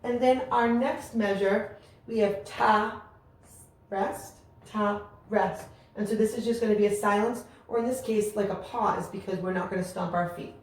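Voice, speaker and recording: A woman's voice: mid-range voice, fairly even intonation, brisk, darkish tone. A woman teaching a music lesson, explaining rhythms and chanting rhythm syllables aloud with encouragement. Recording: very echoey room with faint ambient noise.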